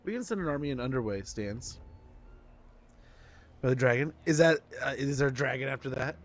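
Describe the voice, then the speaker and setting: A man's voice: mid-range voice, lively intonation, brisk. A man streaming a strategy game, giving casual commentary and rambling through a story with lots of fillers.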